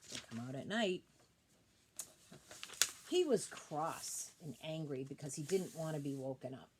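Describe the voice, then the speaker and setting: A woman reading a picture book aloud to children, expressive and pausing to point out the pictures. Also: deep voice, a little hiss or hum. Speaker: storybook reader.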